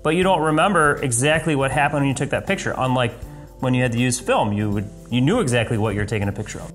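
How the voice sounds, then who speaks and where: A man co-hosts a casual podcast, talking quickly and chiming in with agreeable remarks. His pitch sits in a normal middle range. Faint music runs behind. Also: expressive, fairly bright tone. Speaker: podcast co-host.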